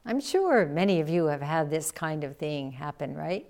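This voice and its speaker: A woman Zen teacher giving a dharma talk, telling a story slowly and reflectively and acting out the quotes. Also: low-pitched, very animated, a little mellow.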